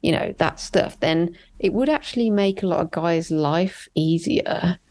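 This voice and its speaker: Low-voiced woman, candid guest. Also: darkish tone. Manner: candid, emphatic, quick to agree. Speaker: guest, construction engineer. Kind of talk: casual podcast chat.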